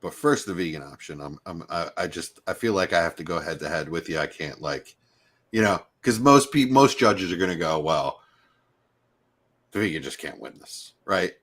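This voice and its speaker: Deep-voiced middle-aged man in relaxed podcast banter. He tells stories with animation and loose asides, breaking now and then into playful mimicry. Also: normal speed. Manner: animated storyteller, mimics accents in passing. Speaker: podcast co-host. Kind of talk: casual chat.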